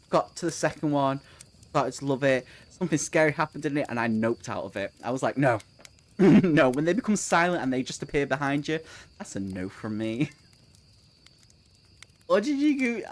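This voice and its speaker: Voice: mid-range voice, big pitch swings, moderate pace. A young adult book streamer chatting casually on a live reading sprint, answering chat messages, laughing often and swearing freely.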